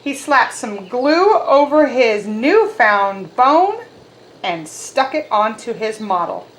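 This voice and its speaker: A woman reads a picture book aloud for children with animated, expressive storytelling. Her fairly high voice rises and falls freely. The recording is roomy, with a faint hum behind it. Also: slow.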